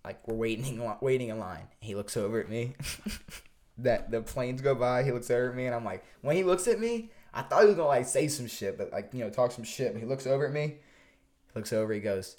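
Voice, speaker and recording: A man's voice: mid-range voice, quick pace. Swearing, stammering podcast guy telling a story. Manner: profane, animated, stammers and restarts a lot. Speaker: podcast co-host. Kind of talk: casual storytelling chat.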